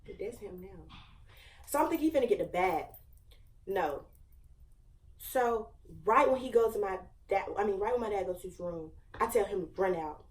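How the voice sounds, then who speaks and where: A young woman in her late teens tells a story to her viewers in a chatty, slang-heavy way, piling on fillers and dramatic asides. Her voice sits at an ordinary middle pitch and is picked up from a little distance from the mic. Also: expressive, normal speed. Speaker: vlogger. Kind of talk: casual storytime.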